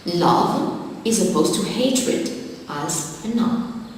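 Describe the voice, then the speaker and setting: A woman teacher speaks slowly and deliberately, going through vocabulary one word at a time. Her voice sits a little low and comes from some distance off the mic. It rings around a large, strongly echoing hall with a long reverb tail. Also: animated, a little mellow, slight background noise. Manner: slow, deliberate teacher's dictation. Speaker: English teacher. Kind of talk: televised classroom lesson.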